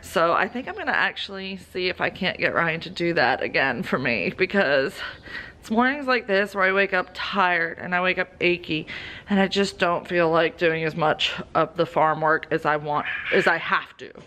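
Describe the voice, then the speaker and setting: A woman in her thirties with a Southern American accent, chatting casually while doing farm chores outdoors, cooing softly to her animals now and then. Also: on the low side, expressive, moderate pace. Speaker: homestead vlogger.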